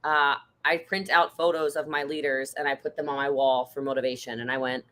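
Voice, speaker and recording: Thirties woman, host, bright, forceful tone, animated storyteller who acts out quotes. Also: fairly quick. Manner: animated storyteller, jumps into high-pitched quoted voices. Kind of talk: casual conversation.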